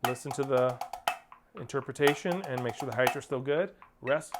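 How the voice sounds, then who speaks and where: A man's voice: medium pitch, brisk, heavy background noise. A man teaching a percussion lesson, counting off and singing rhythms aloud as he coaches. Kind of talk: instructional drum lesson. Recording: spoken over loud percussion playing.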